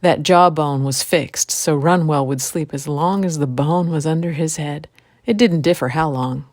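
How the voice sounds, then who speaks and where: A woman storyteller and podcast host telling an old folk tale in a relaxed, folksy way. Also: low voice, normal speed, no echo, clean studio sound.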